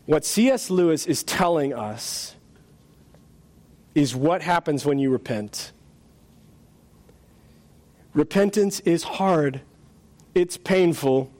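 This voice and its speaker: A man's voice: a little high, a little mellow. A man preaching a sermon in a church, retelling a story and speaking in an earnest, dramatic way. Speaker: pastor. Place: church sanctuary.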